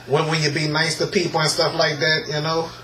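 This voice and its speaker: A man's voice: on the high side, completely flat delivery, fairly quick, sharp tone. Stammering, choked-up man. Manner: stammering, repeats words, choked up. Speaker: vlogger. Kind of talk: casual emotional vlog commentary. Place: room at home, filming a TV screen. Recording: echoey room with faint noise.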